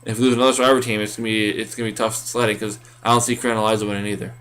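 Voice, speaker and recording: A man's voice: fairly low pitch, little pitch movement, rapid-fire, fairly bright tone. A man co-hosting a casual recap podcast, rambling with many fillers and restarts. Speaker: podcast co-host.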